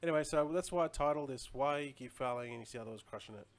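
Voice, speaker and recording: A man's voice: mid-range voice, fast talker. A man chatting casually on a live stream, rambling loosely and answering viewer comments as he goes.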